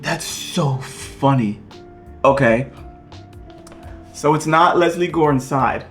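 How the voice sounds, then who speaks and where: A man hosting a casual vlog as he unboxes vinyl records, excitable and gushing, swearing often. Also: a little high, slow pace, soft background music.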